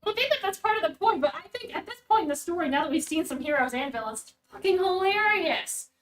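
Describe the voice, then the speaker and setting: A woman hosting a casual stream, reacting to a story with rambling, animated chat and the odd swear. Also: extremely high pitch, quick pace, rough recording. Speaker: stream host reacting to a web serial.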